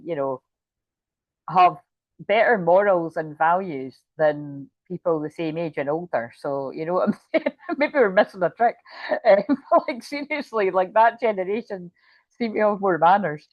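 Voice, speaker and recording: A middle-aged woman with a fairly low voice, talking through a tarot reading in a loose, rambling way. She giggles and swears, keeps wandering off on asides, and sounds tired. The audio is dull, lo-fi and dry. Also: expressive, moderate pace, dry recording. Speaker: tarot reader. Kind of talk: casual tarot reading chat.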